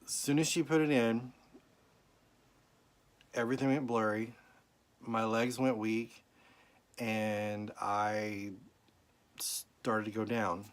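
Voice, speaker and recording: Man, middle-aged, slightly low voice, rambling emotional storytelling, close to tears. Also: steady tone, slow pace, long pauses. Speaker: vlogger. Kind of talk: personal health update vlog.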